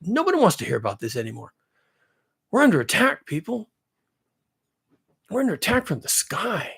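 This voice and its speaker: A man doing an impression of an earnest, plain-spoken older US president who talks in a halting, folksy way. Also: high-pitched, wildly swooping pitch, vocal fry, fairly bright tone, breathy edge, exaggerated voice. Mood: insistent. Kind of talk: impression in a monologue.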